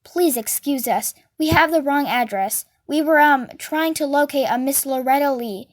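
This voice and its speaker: A woman's voice: high voice, normal speed, no echo, lightly acted. A woman voicing a small clever boy who speaks in nervous, overly formal sentences. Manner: overly polite, formal wording.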